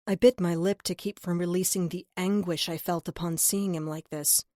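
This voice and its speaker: Woman reading a crime audiobook, first person, lowish voice, earnest, super dry close mic. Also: fairly even intonation, moderate pace, darkish tone, no echo. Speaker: audiobook narrator.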